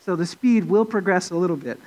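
A man's voice: fairly quick, darkish tone, poor audio. A male pastor preaching an expository sermon in a conversational way, with fillers and restarts, rising for emphasis. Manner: rises in pitch and volume for emphasis.

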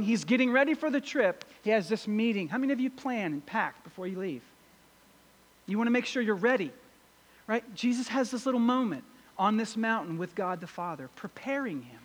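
A preacher giving a sermon, reading and repeating scripture verses and asking the congregation rhetorical questions. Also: medium pitch. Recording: long hall reverb.

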